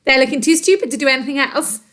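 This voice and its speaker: A woman's voice: high-pitched, quick pace, a bit bright. A woman voicing a hysterical, spiteful old woman from a storybook, screeching and panicky. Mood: gloating.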